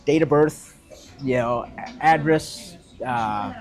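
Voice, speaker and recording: A man telling a story in casual chat, animated and swearing freely, acting out what others said. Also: mid-range voice, slow pace. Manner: animated, swearing, acts out quotes. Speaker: guest, restaurant owner.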